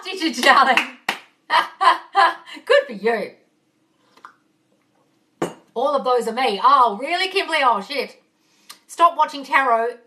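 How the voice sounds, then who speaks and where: A woman's voice: on the high side, pushed and bright. A woman manifesting coach answering viewer questions live on her phone. She swears freely and calls her viewers darling. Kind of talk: live Q&A chat. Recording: slightly distant from mic.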